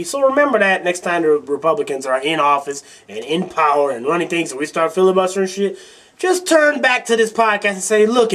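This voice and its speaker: Man, high voice, podcast host, angry political rant, swears a lot, blunt, mocking. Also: a bit bright, a little hiss or hum. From Milwaukee, Wisconsin.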